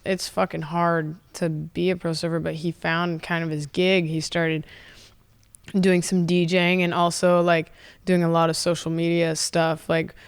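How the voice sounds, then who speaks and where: A woman from San Diego, California, chats casually as a podcast guest in a studio. Her low voice is clear and resonant as she tells rambling stories, swearing and laughing often.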